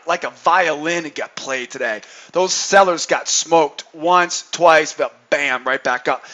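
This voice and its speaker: A man from New England coaches traders through his charts in a high, bright voice. He talks with lively energy, checking in with listeners and joking with himself along the way. The recording sounds dull and lo-fi. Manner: energetic, keeps asking "right?", jokes with himself. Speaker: trading coach. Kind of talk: chart commentary on futures.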